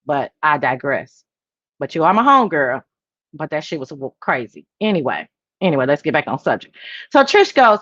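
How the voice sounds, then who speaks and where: A woman hosting a casual livestream chat and reading viewer comments. She talks in an animated, emphatic, sassy way, swinging between high exclamations and low asides. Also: normal speed, no echo, highs cut off. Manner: sassy, talks straight to viewers as "girl" and "child". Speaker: livestream host.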